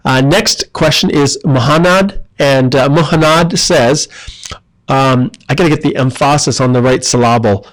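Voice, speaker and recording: A man's voice: medium pitch, unhurried, low-quality recording. A man running a live question-and-answer stream, reading viewer comments aloud and answering them in a friendly, chatty way with frequent ums and self-corrections. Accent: Canadian. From Canada.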